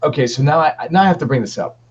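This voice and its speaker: A podcast co-host with a fairly high voice talks at a racing pace in a laid-back, rambling chat about wargaming, full of fillers. The stream audio is dull and lo-fi.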